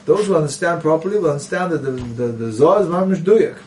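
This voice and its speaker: A man's voice: on the high side, sing-song, fast, few pauses, a little mellow, a little hiss or hum. A man teaching a Kabbalah lesson, reading Hebrew passages aloud and explaining them in English, often asking rhetorical questions. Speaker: Torah teacher. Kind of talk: Kabbalah text study lesson. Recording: voice picked up from a distance.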